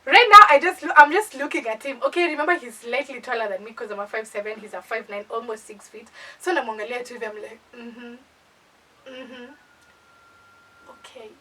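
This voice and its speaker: Young Kenyan woman, animated storyteller, husky and sharp, mic set a bit far. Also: on the high side, fast, few pauses. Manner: animated, playful, dramatizes with acted asides. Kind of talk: casual storytime chat.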